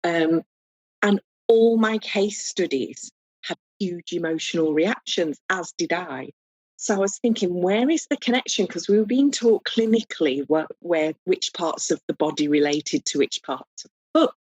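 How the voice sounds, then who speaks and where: A woman, a podcast guest, telling lively and humorous stories in a casual chat. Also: on the low side, measured pace, slightly rough, no room sound, low-quality recording. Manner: animated, humorous, acts out voices in anecdotes. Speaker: guest foot reader. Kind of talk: casual storytelling interview.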